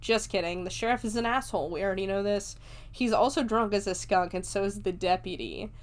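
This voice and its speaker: A woman's voice: mid-range voice, fairly quick. A woman hosting a podcast, retelling a film in casual, chatty talk, laughing often and swearing freely. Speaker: podcast host. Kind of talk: casual movie review chat.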